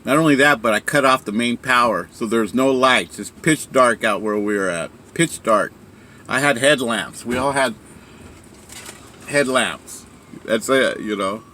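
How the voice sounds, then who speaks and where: Rambling man telling a story, bright tone. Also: medium pitch, unhurried, a little hiss or hum. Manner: rambling, many fillers and restarts. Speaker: speaker sharing a story. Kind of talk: casual storytelling.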